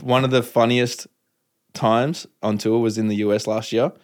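A man's voice: medium pitch, fairly even intonation, normal speed, a little mellow. Laid-back young Australian man. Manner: laid-back, rambling, full of "like". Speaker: podcast guest, touring musician. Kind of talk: casual chat, storytelling.

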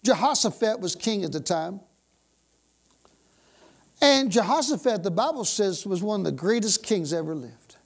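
A woman's voice: mid-range voice, lively intonation, moderate pace, long pauses, slightly rough. A woman preaching a sermon, exuberant, bursting into exclamations of praise and dwelling on repeated phrases.

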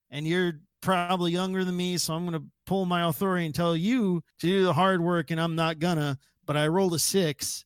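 A man's voice: sits high, clear, resonant tone, no echo, studio quality. A man playing a tabletop game, sighing often and mock-indignant. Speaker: player. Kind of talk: casual tabletop play.

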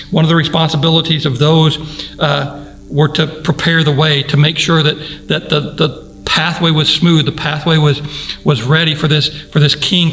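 Flat-toned pastor preaching over soft music. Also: male voice, on the high side, rough recording. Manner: repeats phrases, asks listeners direct questions. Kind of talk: sermon.

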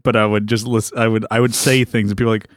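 A man's voice: fairly low pitch, little pitch movement, racing, no echo, clean studio sound. A man co-hosting a casual comedy podcast, laughing often and rambling with many fillers.

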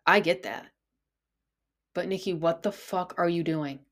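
A woman hosts her own podcast, talking at an unhurried, drawn-out pace. She sounds incredulous and exasperated and swears freely. Her voice sits a little low for a woman. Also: a bit bright. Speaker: podcast host. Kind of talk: casual solo podcast commentary.

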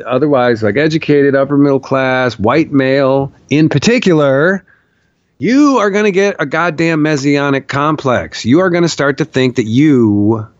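A man recounting a vision in a podcast interview, animated and profane, acting out the quotes he tells. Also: medium pitch, no room sound, muffled recording. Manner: animated storyteller, swears, acts out shouted quotes. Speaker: podcast guest, documentarian. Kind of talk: storytelling in a long interview.

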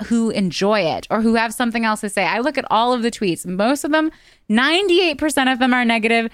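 A woman's voice: fairly high pitch, clean tone, no room sound, studio quality. A young adult woman co-hosting a podcast, chatting casually in a snarky, talkative way and laughing often. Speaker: podcast co-host. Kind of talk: casual chat.

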